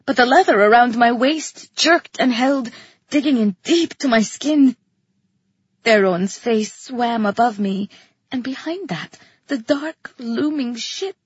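Audiobook narrator: woman, high and breathy, slow, tense storytelling, lo-fi sound. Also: no echo. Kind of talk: scripted first-person narration.

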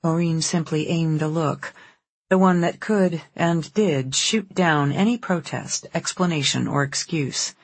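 An audiobook narrator reading a novel in an even, unhurried storytelling manner. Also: mid-range voice, slightly rough, no echo. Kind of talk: scripted narration.

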